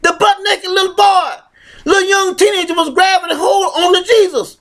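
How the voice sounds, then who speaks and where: A man preaching a fiery sermon, reading scripture aloud and shouting emphatic points, often restarting his phrases. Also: very high voice, fairly even intonation, normal speed.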